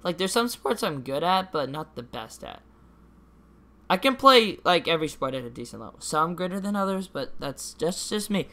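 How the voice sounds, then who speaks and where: Teen boy, solo podcast host, bright voice, rambling casual chatter with restarts and offhand swearing. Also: fairly high pitch, sing-song, moderate pace, vocal fry. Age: teens.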